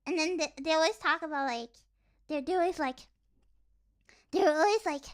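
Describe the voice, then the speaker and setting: A woman's voice: sits high, normal speed, long pauses. A young woman streaming casually, rambling and giggly, with lots of fillers. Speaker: virtual streamer. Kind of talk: casual livestream chat.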